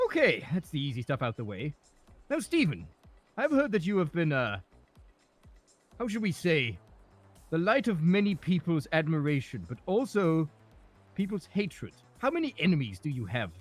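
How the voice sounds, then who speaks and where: A man's voice: on the high side, huge pitch swings, normal speed, pauses often, soft background music. A man voicing a pompous, self-important freelance journalist in a game role-play, fussy and fond of repeating words. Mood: probing.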